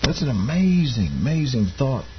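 A man's voice: mid-range voice, big pitch swings, normal speed, muffled recording, noisy background. A man preaching a sermon, reading scripture aloud and explaining it in plain asides to his congregation. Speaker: pastor.

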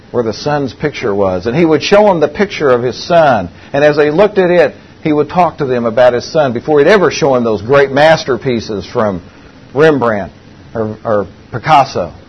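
A man's voice: fairly high pitch, husky. A man preaching a sermon, telling a story in an earnest way and repeating key phrases. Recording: dull lo-fi recording.

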